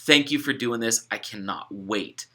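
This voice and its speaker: A man's voice: on the low side, a little slow, sharp tone, slight background noise. A young adult man, an author, chatting casually and upbeat as he explains a gratitude study to participants, with fillers and restarts. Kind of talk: casual instructional video talk.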